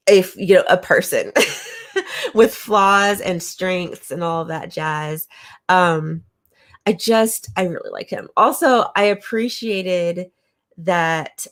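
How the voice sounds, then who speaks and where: Chatty, slightly low-voiced woman reviewer. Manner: chatty and enthusiastic, with many fillers and restarts. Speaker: manga reviewer. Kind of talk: casual chat to camera.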